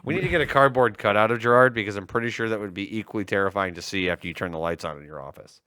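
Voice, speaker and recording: Young male co-host, playful banter, crisp and resonant voice, close dry mic. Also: fairly low pitch, rapid-fire, bright, forceful tone, no room sound. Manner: teasing, joking banter. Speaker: co-host of a tech livestream. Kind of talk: casual livestream chat.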